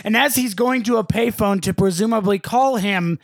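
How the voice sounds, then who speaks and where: Gravelly high-voiced sarcastic man. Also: moderate pace, no echo, clean studio sound. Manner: sarcastic, recapping the plot. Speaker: podcast co-host. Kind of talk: casual movie-review banter.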